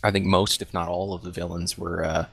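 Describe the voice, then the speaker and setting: A man's voice: low voice, little pitch movement, brisk. A man hosting a podcast in a laid-back chat, with many fillers and easy laughter. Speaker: podcast host. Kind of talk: casual chat.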